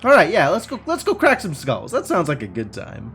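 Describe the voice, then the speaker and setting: A man streaming a game, reading its text aloud and thinking out loud in a wry, self-mocking way. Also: fairly high pitch, wildly swooping pitch, fairly quick, few pauses, soft background music.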